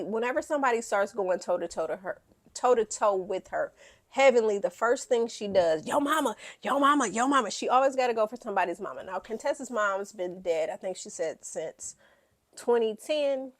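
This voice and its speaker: Woman ranting about a reality show, swears a lot, super animated. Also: on the high side, moderate pace. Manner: blunt, profane, animated. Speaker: reality TV recap host. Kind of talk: casual opinionated recap.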